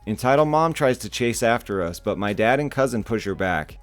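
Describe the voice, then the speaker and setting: Channel narrator, male, casual wry storyteller, mid pitch; faint music bed behind. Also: animated, a little fast. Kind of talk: narrating internet stories.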